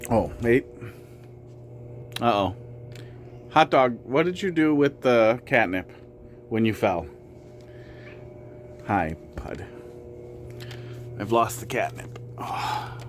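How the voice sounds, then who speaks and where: A man's voice: mid-range voice, animated, slow pace, pauses often, background noise. A man streaming a game, casually chatting with viewers and talking fondly to his cats. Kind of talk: casual live-stream chat.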